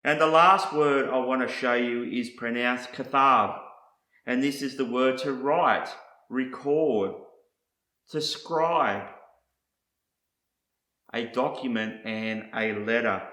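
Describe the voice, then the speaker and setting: Slow, bright-voiced man teaching in an echoey room. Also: medium pitch. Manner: deliberate, spelling out word meanings one by one. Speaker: Bible teacher.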